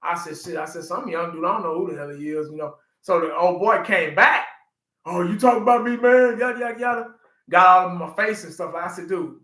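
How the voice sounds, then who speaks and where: A man in his forties chatting casually on a livestream, an animated storyteller who laughs often and talks to his chat. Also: sits high, roomy sound, low-quality recording. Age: 40s. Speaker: livestream host.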